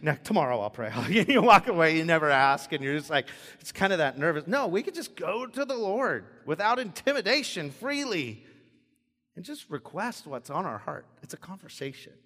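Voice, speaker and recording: A man preaches with a lively, bouncing voice that sits a little high. He jokes his way through a sermon, acting out stammering prayers. His voice rings with the long reverb of a church hall. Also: normal speed. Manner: playful, animated, acts out stammering prayers. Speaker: pastor.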